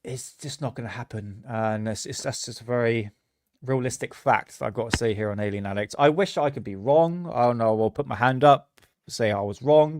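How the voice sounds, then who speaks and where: A man's voice: mid-range voice, background noise. A man hosting a live stream, chatting casually with frequent restarts and laughs.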